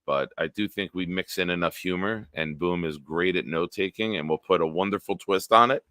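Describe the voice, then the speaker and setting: A man's voice: sits low, brisk, sharp tone, dry recording. A young man hosting a sports podcast live stream, casually joking and reading out viewer comments. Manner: jokey, reads out viewer comments.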